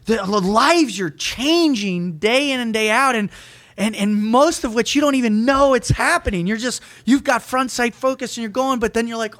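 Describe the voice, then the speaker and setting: High, bright-voiced fervent man. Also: normal speed. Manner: emphatic and fervent, often restarting words. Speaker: podcast guest, motivational speaker. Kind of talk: energetic podcast conversation.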